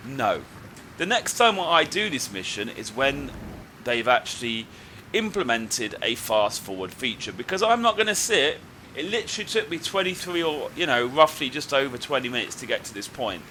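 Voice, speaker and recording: A man giving casual gameplay commentary as a video game YouTuber, getting loud and high when annoyed and calm when signing off. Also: normal speed, a little hiss or hum. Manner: excitable, raises his voice high when annoyed.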